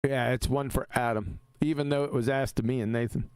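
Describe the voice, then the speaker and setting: A man's voice: mid-range voice, fairly even intonation, a little fast, darkish tone, clear, resonant tone, no echo. A man hosting a casual live stream, talking in an emphatic, argumentative way and laughing easily.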